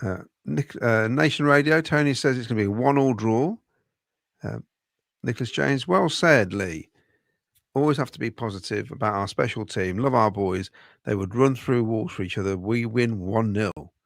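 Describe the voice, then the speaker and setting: Gravelly Coventry man reading comments. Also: mid-range voice, normal speed, no room sound, studio quality. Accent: Coventry English. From Midlands, England. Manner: reads viewer comments aloud, chatty asides. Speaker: podcast co-host reading comments. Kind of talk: casual fan podcast chat.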